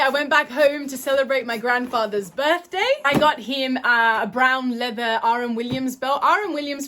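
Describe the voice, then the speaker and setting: High-voiced young woman vlogger, chatty. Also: fairly bright tone, slight background noise. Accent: not a typical Australian, somewhat British-sounding. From Australia. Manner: chatty and enthusiastic, with small self-corrections. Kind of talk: casual chat.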